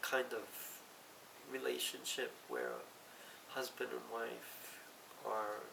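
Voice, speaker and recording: A middle-aged woman giving a halting, emotional personal confession, close to tears and often correcting herself. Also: extremely low pitch, fairly even intonation, creaky. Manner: halting, tearful, self-correcting. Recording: roomy, distant mic, faint hiss.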